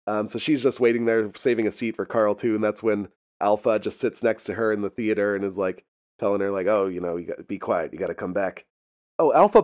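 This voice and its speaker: A man's voice: fairly low pitch, a little mellow. A man casually recapping a TV episode, rambling and laughing often, with frequent profanity. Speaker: podcast host recapping a TV episode. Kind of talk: casual chat.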